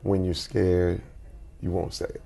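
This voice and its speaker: A man in his forties, a guest in an interview, telling personal stories in an animated way and acting out quotes with big jumps in his voice. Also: deep voice, unhurried, vocal fry. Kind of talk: conversational storytelling.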